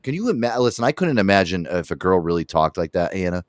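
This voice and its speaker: A man hosting a casual podcast, joking around and ribbing his co-host. His low voice swings widely in pitch and is recorded dry, with no room around it. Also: very animated, fast talker, no echo. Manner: joking, teasing, swears a lot. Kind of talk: casual chat.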